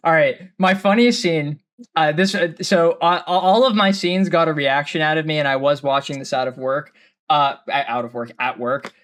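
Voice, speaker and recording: A man's voice: a little high, moderate pace, a bit bright. A man co-hosting a podcast in casual chat, rambling and self-deprecating, laughing often. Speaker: podcast co-host.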